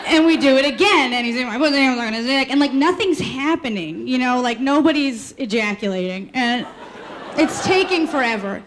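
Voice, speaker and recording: A woman telling a funny personal story on stage, animated and laughing as she talks. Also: high voice, fairly quick. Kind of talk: live comedic storytelling. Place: stage before a live audience. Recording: live room with crowd laughter and noise.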